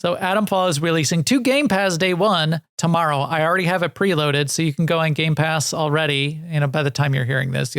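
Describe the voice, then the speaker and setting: A man's voice: fairly high pitch, gravelly, fairly bright tone, dry recording, studio quality. A man co-hosting a video game podcast, chatting casually in a rambling, self-deprecating way with lots of restarts. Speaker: podcast co-host. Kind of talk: casual chat about video games.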